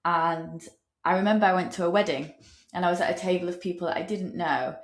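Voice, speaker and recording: A woman's voice: lowish voice, fairly even intonation, fast. Woman hosting, in a roomy space. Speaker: podcast host. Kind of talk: interview conversation.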